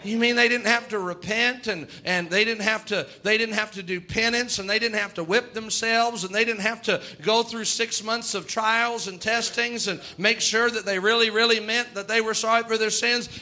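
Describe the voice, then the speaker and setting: A man's voice: high-pitched, fairly even intonation, moderate pace, hardly any pauses, pushed and bright. A male preacher, delivering a folksy sermon and voicing God and sinners in quoted asides.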